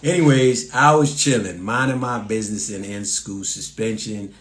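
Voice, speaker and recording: A man's voice: lowish voice, normal speed, a bit bright. A man from Massachusetts with a local accent, a comedian hosting a casual live stream, rambling with lots of fillers and restarts as he reads viewer comments aloud.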